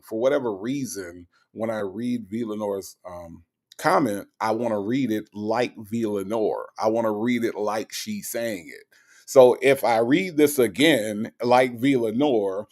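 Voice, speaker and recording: A man's voice: fairly low pitch, a little slow, a little mellow. A man hosting a livestream in casual chat, reading out viewer comments and teasing them playfully. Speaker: livestream host.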